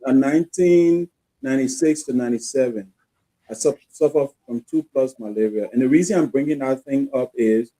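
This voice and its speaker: Co-host man, deep mellow tone, talks straight to viewers. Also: moderate pace, low-quality recording. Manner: addresses viewers and callers directly. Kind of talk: casual discussion.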